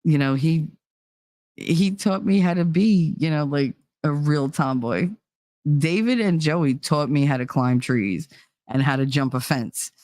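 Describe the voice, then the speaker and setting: A woman's voice: deep voice, measured pace, darkish tone, no echo. Rambling, chatty woman storyteller, dry sound. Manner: rambling, loose delivery full of fillers like "you know" and "like"; breaks into laughter while telling stories. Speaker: streamer and channel host. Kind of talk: casual storytelling chat on a livestream.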